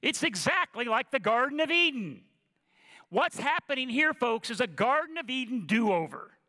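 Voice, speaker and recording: A man preaching a sermon as pastor, conversational and then slow and emphatic on key lines. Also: extremely high pitch, very animated, bright, forceful tone. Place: church sanctuary. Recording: long reverb of a church hall.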